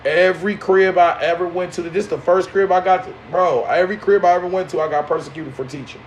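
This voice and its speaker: A man with a fairly high voice preaches in to a live audience. He talks in slang, swinging between loud outbursts and low mocking asides. A faint hum of ambience sits behind him. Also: brisk, hardly any pauses. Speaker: spiritual teacher.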